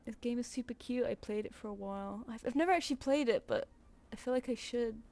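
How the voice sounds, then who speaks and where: A woman's voice: fairly high pitch, fast, dark tone. Chatty woman streaming, laughing often. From United Kingdom. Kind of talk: casual chat while drawing on stream.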